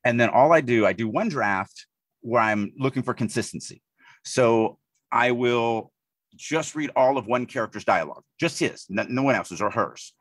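A man from the Deep South speaks in a husky voice. He co-hosts a casual podcast, thinking aloud with frequent restarts. The recording is dry, with no room sound. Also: fairly bright tone, dry recording. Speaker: podcast co-host, writing editor.

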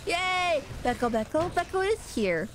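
A woman's voice: very high voice, big pitch swings, a little slow, a little hiss or hum. A woman from the United States casually chatting with her viewers while playing a horror game, joking and swearing freely. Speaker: streamer. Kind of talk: casual gaming stream chat.

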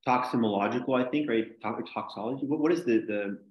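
A man's voice: medium pitch, fast talker. A man teaching a casual logic class, rambling with many "like"s and restarts. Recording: echoey room, dull lo-fi sound.

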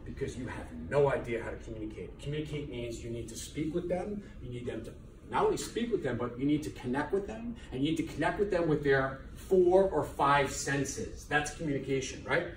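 Man, middle-aged, preachy motivational lecturer; distant room recording with faint hiss. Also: mid-range voice. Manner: emphatic and preachy, repeating key words and firing rhetorical questions. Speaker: chiropractor lecturing business students. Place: lecture hall at a college. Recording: echoey hall from far off, faint noise.

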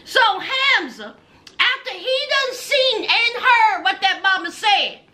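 A woman's voice: very high voice, sing-song, slow, bright, forceful tone. A woman giving a sassy, teasing casual recap of a reality show.

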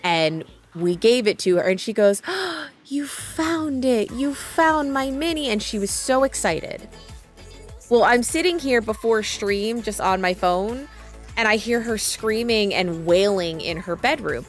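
A woman in her thirties streams casual chat, rambling through stories, interrupting herself and restarting often. Her mid-range voice is animated and unhurried, with soft background music.

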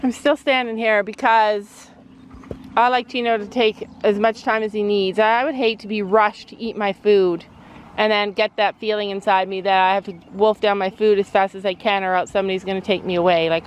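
A woman's voice: mid-range voice, slight background noise, rough recording. A middle-aged woman and mother, chatting in a casual vlog while she stands outside by a horse, rambling through her story with lots of fillers. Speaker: vlogger, mother. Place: outdoors by a horse near a road.

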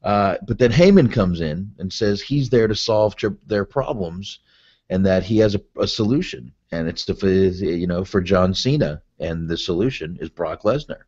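A man's voice: low voice, expressive, moderate pace, darkish tone, husky. A man co-hosting a casual podcast, laid-back and agreeable, recapping events. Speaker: podcast co-host. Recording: muffled lo-fi podcast audio.

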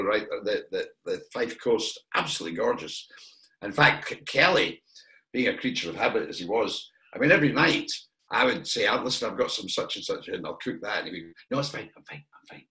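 Bright-voiced Scottish man reminiscing. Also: on the low side. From Perth, Scotland. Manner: rambling, with many fillers and restarts. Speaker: guest actor. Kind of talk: casual reminiscing chat. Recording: echoey room.

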